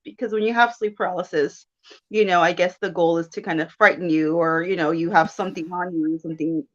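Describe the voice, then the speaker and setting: A woman in her thirties telling a personal story in casual chat, animated and quick to laugh as she acts out her own thoughts. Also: on the low side, highs cut off. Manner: chatty and animated, with laughs and self-quotes. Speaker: guest.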